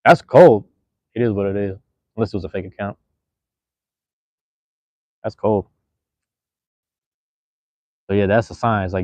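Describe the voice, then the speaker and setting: Man, casual solo livestream, slangy rambling talk, lowish voice, dry muffled lo-fi sound. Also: steady tone, measured pace, long pauses, no room sound. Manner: laid-back, rambling, slangy. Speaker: livestream host.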